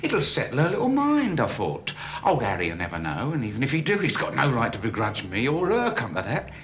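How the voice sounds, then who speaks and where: A cheeky rogue. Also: male voice, mid-range voice, brisk. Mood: sly, boastful. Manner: chatty, lively, sly storytelling. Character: cheeky working-class London man, boastful rogue.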